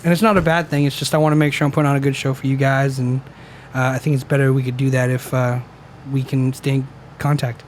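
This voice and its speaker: A man's voice: medium pitch, little pitch movement, quick pace, a little hiss or hum. A man co-hosting a casual podcast, upbeat and joking, greeting viewers in the chat. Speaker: podcast co-host.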